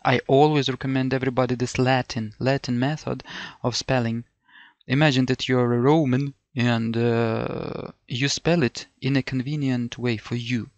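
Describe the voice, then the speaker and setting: A man's voice: medium pitch, fairly even intonation, moderate pace, dry recording, highs cut off. A middle-aged man from Ukraine tutoring for a language test, thinking aloud and repeating words with many fillers and self-corrections. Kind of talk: thinking-aloud lesson over a screen.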